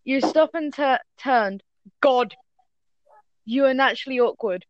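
A woman's voice: sits high, no room sound. A woman reading a fan story aloud to friends, stumbling and correcting herself as she goes. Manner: halting, stumbles and corrects herself mid-read. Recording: dull lo-fi dry sound.

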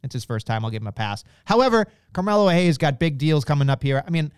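A man co-hosting a wrestling podcast, blunt and profane, ranting in animated casual chat. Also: a little high, fast, clean tone, dry recording, studio quality.

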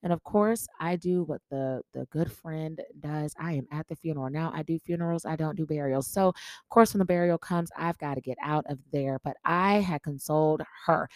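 A woman with a low voice hosts her podcast and tells her stories in a playful, chatty way, teasing the listener with "guess what" and joking along. Her voice comes through a podcast mic, close and dry, with little room sound. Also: darkish tone, dry recording. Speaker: podcast host. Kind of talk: casual podcast storytelling.

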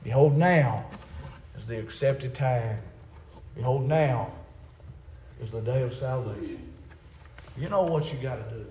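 A male preacher delivers a sermon, swinging from shouted high-pitched exhortation to hushed, tender pleading. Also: a little slow, long pauses, echoey room, slight background noise.

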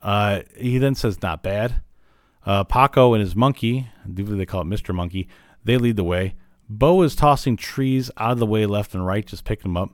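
An Illinois-raised podcast host with a lowish voice recaps an old cartoon episode casually, rambling along fairly quickly with lots of "uh"s and "like"s. The recording is dry and close, with no room sound.

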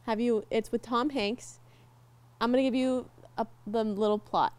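A young woman co-hosting a podcast in easy, casual chat. Her voice sits fairly high, and she talks in an animated way, laughing readily and getting emotional as she tells a story. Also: moderate pace. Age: young adult. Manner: animated, laughs easily, gets teary and emotional. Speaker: podcast co-host.

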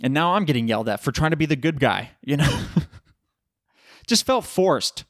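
A man's voice: fairly high pitch, lively intonation, normal speed, fairly bright tone, no echo, studio quality. A tired man hosting his own podcast, rambling loosely through casual chat and swearing now and then. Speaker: podcast host.

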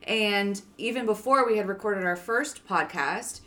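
A woman's voice: medium pitch, unhurried, bright, forceful tone. A woman from Canada co-hosting a casual chat podcast with friends, joking crudely and steering the talk. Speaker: podcast co-host.

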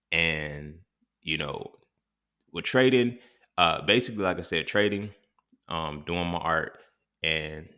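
A man's voice: low-pitched, pushed and bright. A man, hosting a podcast and musing in a casual, profane, rambling monologue full of restarts. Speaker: podcast host. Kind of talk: impromptu monologue.

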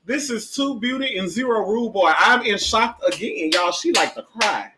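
A man hosting a casual chat show, joking and teasing his guest in loud, slangy talk. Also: high-pitched, expressive, moderate pace. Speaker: podcast host. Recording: roomy echo, faint noise.

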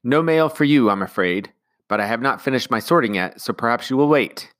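A man's voice: mid-range voice, lively intonation, fairly quick, a bit bright, voice pushed up, natural voice. A man voicing a courteous, formal middle-aged Swiss postmaster in a storybook reading.

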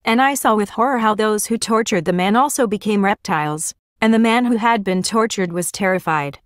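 A woman's voice: mid-range voice, a little fast, dry recording, clean studio sound. A woman giving a first-person religious vision testimony in an earnest, plain storytelling manner.

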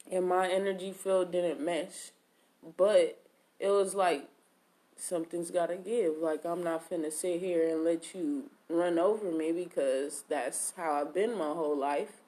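A woman's voice: lowish voice, steady tone, takes it slowly, a little mellow. A woman casually telling a personal story, in slangy, profane talk full of "like" and reported speech. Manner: slangy, profane, lots of 'like' and quoted speech.

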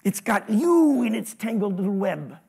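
A man with a high, light voice delivers a sermon. He preaches in an animated way, his voice jumping up and getting louder, and he keeps putting questions to the congregation. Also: moderate pace, gravelly, husky. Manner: animated preaching, sudden rises in pitch and volume, asks the congregation questions. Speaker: pastor.

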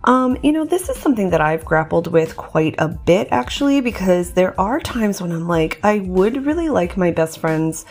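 A woman's voice: fairly low pitch, very animated, moderate pace, few pauses, a little mellow. A woman hosting a podcast in casual chat, talking in a loose, chatty way with many fillers and restarts. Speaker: podcast host.

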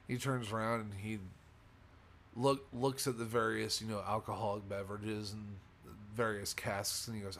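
A man's voice: fairly low pitch, little pitch movement, moderate pace, a bit bright, a little hiss or hum. A man narrating as game master in an online tabletop game, rambling with many fillers and self-corrections. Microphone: voice call.

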